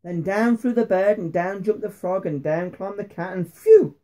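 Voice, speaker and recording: A father reads a rhyming bedtime story to his son in a soft, mellow voice. He keeps a bouncing rhythm and slows down for the suspenseful moments. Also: high-pitched.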